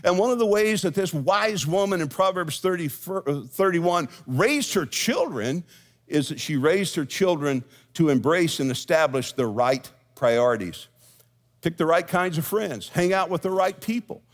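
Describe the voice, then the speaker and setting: A middle-aged man preaching from the pulpit with a slightly high-pitched voice. He speaks in a folksy, storytelling way, slipping in jokes and asides for his congregation. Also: expressive, a little slow. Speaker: senior pastor. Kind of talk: sermon. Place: church sanctuary with congregation.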